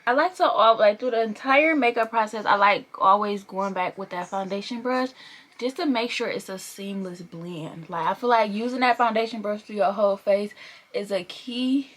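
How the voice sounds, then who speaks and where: A woman's voice: mid-range voice, normal speed, fairly bright tone. A young woman chatting casually through a makeup tutorial, playful and a bit profane, laughing as she goes. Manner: chatty and playful, swears and laughs while working. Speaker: beauty vlogger.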